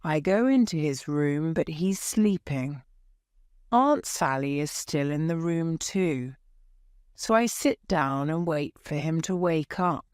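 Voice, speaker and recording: A woman narrating a graded-reader story in the first person with a clear, expressive reading. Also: sits low, slow pace, no room sound, clean studio sound. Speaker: audiobook narrator.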